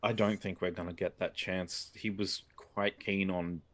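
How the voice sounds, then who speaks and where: An earnest, polite adventurer, played by a man at a gaming table speaks in a very deep voice. He hesitates often, filling pauses with ums and uhs as he picks his words. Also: steady tone, fairly bright tone. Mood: uneasy. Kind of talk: in-character tabletop role-play.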